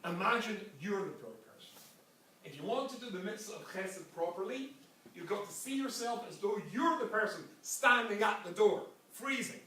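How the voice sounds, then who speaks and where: A man's voice: high-pitched, bright, forceful tone. A man with an English accent, a rabbi giving a Torah lecture full of stories and joking asides. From England. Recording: very echoey hall, from far off, faint noise.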